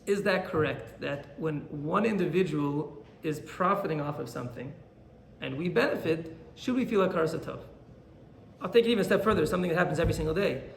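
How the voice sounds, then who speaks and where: Rabbi guy giving a torah class, animated storyteller, kinda high with some fry, faint room noise. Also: fairly quick, echoey room. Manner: animated storyteller, acts out quoted characters.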